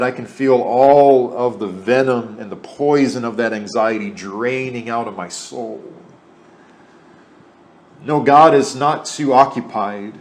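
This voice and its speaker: Slow, earnest male preacher. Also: medium pitch, darkish tone. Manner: earnest, repeats phrases for emphasis. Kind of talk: sermon.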